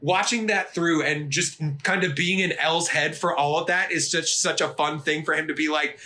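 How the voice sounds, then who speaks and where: A man co-hosting an anime podcast in casual chat, animated and swearing, acting out characters' lines. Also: fairly high pitch, moderate pace, few pauses. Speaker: podcast co-host.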